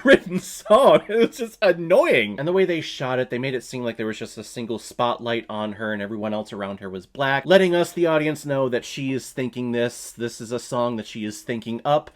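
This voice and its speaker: A man hosting his own movie review vlog, talking casually and emphatically and laughing often. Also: medium pitch.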